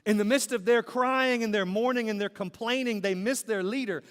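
A man's voice: high-pitched, normal speed, clear, resonant tone. A man preaching a sermon as pastor, in a rhythmic style with repeated phrases that build to emphatic peaks. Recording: long hall reverb.

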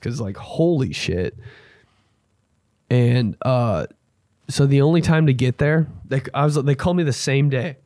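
Hosting a podcast, a young man spins rambling, casual tales and acts out the characters in them. His medium-pitched, darkish voice has lively intonation and a measured pace, recorded cleanly in a studio with no echo.

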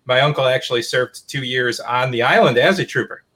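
A man host spinning a rambling, easygoing anecdote on a casual podcast. His voice sits at an ordinary middle pitch, and he leans on fillers and restarts. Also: brisk, fairly bright tone. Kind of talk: casual chat.

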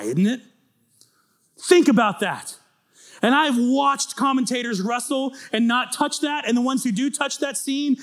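A man with a high-sitting voice preaches a sermon, retelling scripture through animated, dramatic storytelling that builds almost to a shout.

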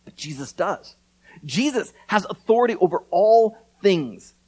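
Animated male preacher, lively pitch. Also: measured pace, poor audio. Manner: animated preaching with repeated words and acted quotes. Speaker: pastor. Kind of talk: sermon.

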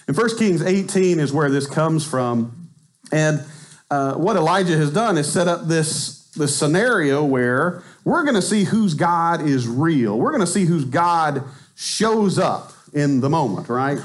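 A man's voice: animated, normal speed. A man, raised in Arkansas, preaching a chatty sermon in a church, joking as he goes and acting out quotes with a lifted voice. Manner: chatty, joking asides, acts out quotes with rising pitch. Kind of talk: conversational sermon. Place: church sanctuary.

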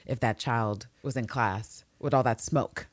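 A woman's voice: extremely low pitch, unhurried, no room sound. A woman co-hosting a podcast, chatting casually and jokily about a TV episode, swearing and laughing freely. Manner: animated and jokey, swears freely, laughs often. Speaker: podcast co-host. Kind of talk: casual chat recapping a TV episode.

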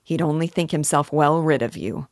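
A gloomy, bitter young man snaps savagely at his brother, pitched low by a woman reading a storybook aloud. The recording is dry and close. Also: normal speed, no echo. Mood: angry. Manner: savage, tense.

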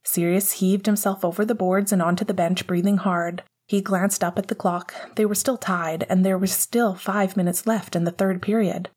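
A woman narrating an audiobook chapter in a calm, even storytelling manner. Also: medium pitch, moderate pace, few pauses, breathy edge. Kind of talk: audiobook narration of fan fiction.

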